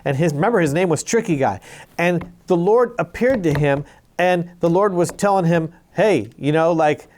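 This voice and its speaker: A young woman tells a Bible story to small children, bouncing between her own voice and quick acted-out lines. Her pitch swoops widely as she plays the parts. A faint background hiss sits under the home recording. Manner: animated, lots of quoted voices, hushes a child. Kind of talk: playful Bible story for kids.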